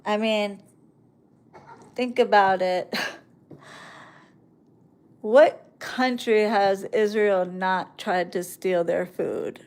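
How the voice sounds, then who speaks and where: A woman's voice: medium pitch, fairly even intonation, drawn-out words, pauses often, darkish tone. A woman hosting a live stream, talking to her viewers in a sarcastic, ranting, mocking monologue.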